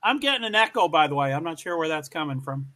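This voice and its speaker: A man's voice: on the high side, big pitch swings, fast talker, noisy background. A man hosting a casual video chat, friendly and tripping over restarts. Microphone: video call.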